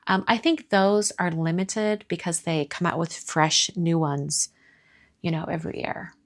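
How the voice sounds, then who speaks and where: A woman's voice: fairly low pitch, fairly even intonation, unhurried. A middle-aged woman from the American South hosting a card-making live stream in casual chat, reading viewer comments aloud and answering them.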